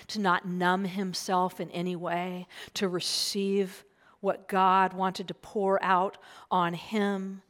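Woman preacher, slow and earnest, sermon storytelling, hushed asides. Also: lowish voice. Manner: earnest, drops to a hushed whisper for emphasis. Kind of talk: sermon retelling a gospel passage.

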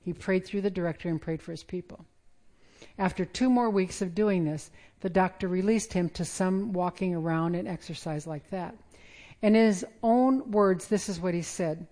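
Middle-aged woman preacher, warm low-key delivery, wry and conversational. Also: normal speed. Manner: conversational, self-deprecating humor. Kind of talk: sermon.

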